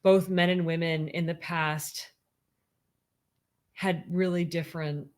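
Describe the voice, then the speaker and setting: A woman with a somewhat low voice co-hosts a casual podcast with her husband. She muses aloud, circling back and restarting her thoughts as ideas come to her. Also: level tone, slow. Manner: chatty and musing, thinking aloud with restarts. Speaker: podcast co-host.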